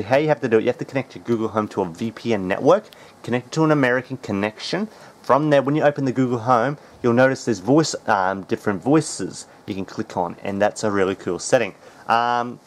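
A man hosting a casual tech how-to, talking in a relaxed, chatty way with plenty of ums. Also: medium pitch. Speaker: tech tutorial host.

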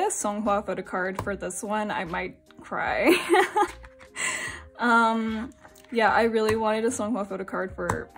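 A young woman from Singapore chatting casually while unboxing albums, giggly and gushing, now and then breaking into high squeals. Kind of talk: excited casual chat.

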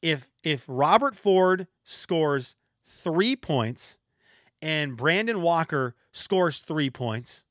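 A man hosting a solo sports podcast, ranting in an exasperated way and second-guessing himself out loud. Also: fairly high pitch, expressive, very slow, dry recording, clean studio sound. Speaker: podcast host.

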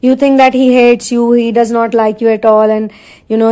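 A woman delivers an intuitive tarot reading in a fairly high voice. She rambles and fills her talk with frequent fillers as she describes what she senses. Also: level tone, normal speed, mellow, poor audio. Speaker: tarot reader.

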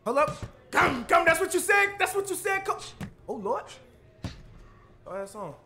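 Brief: cocky male gamer, high lively voice, taunts nonstop over faint game music. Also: a little slow. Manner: cocky taunting with grunted punch noises. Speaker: gamer streamer. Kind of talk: live trash-talking gameplay commentary.

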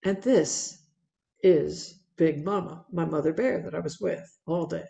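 A woman speaks to an audience about her photos with a gravelly edge in her voice. Her delivery is chatty and lively, full of small fillers and restarts. The sound carries the echo of a room. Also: low voice, a little slow. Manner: conversational and animated, with fillers and repeats. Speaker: wildlife speaker presenting slides. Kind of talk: public talk narrating photos.

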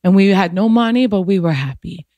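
A woman's voice: medium pitch, expressive, fairly quick, dark tone, no room sound. Emotional woman telling a personal story. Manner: emotional, rambling, heavy use of "like". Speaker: podcast guest.

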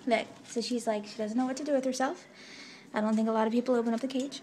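A woman at an animal shelter talking to a caged cat in soft, cooing baby talk while filming it on a handheld camera. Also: on the high side, a little fast, slight background noise. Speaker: shelter volunteer showing an adoptable cat. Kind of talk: casual filmed pet showcase. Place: animal shelter, indoors by cages.

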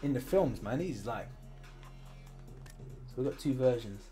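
A man's voice: mid-range voice, expressive, a little slow, soft background music. Chatty British man muttering over a game. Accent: British English. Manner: chatty, drops into quiet muttering while working. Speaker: gaming streamer. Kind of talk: casual commentary while playing.

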